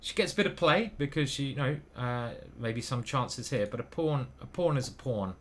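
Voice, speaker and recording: A man's voice: medium pitch, animated, normal speed, few pauses, a bit bright. A man thinking aloud as he plays online chess, muttering moves and questioning himself. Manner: muttering move by move, hesitant self-questioning. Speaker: chess grandmaster commentating his own games.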